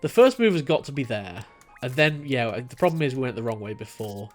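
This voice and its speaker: A man commentating a puzzle game, chatting, laughing often and thinking out loud as he plays. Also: mid-range voice, sing-song, fairly quick, soft background music. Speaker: gameplay commentator. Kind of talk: let's play commentary.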